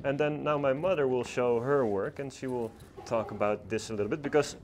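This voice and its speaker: Halting, friendly man hosting a livestream. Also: medium pitch, fairly even intonation, background noise. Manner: halting, friendly, laughs often. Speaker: livestream host. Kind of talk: casual livestream presenting. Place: floristry classroom.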